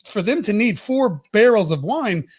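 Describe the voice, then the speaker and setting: A man hosting a podcast, telling a comic story in an animated, profane rant. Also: high voice, moderate pace, husky. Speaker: podcast host.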